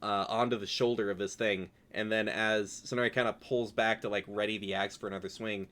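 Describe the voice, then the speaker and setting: A man's voice: on the low side, a bit bright. A man narrating a tabletop game as dungeon master, describing the action with many fillers.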